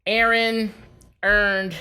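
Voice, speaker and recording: A man's voice: high-pitched, extremely slow, clear, resonant tone. A man co-hosting a podcast, chatting casually, teasing his partner and telling stories with lots of laughter. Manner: laughing, teasing, animated storytelling. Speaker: podcast co-host. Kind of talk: casual chat.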